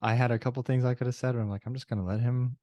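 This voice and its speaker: A man's voice: mid-range voice, fairly even intonation, racing, dark tone, no room sound. A man hosting a casual sports podcast, laid-back and teasing with his co-host.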